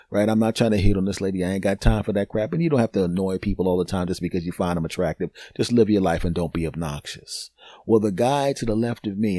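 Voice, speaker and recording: A man hosting a podcast, telling a comic story in an animated, conversational way and checking in with "right?". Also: lowish voice, no room sound, studio quality. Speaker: podcast host.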